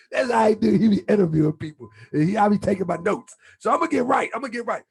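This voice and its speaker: A man's voice: high voice, expressive, very fast, creaky, a little mellow, slightly rough. A man hosting an online show, talking loosely and in slang to his viewers as family, live from his home computer setup. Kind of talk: casual livestream talk.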